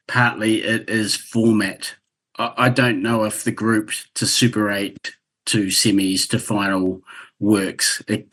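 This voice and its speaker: A man with a New Zealand accent speaks at a medium pitch with a fairly bright tone. He's a guest on a podcast, chatting casually and working through his ideas in a thoughtful, wry, rambling way.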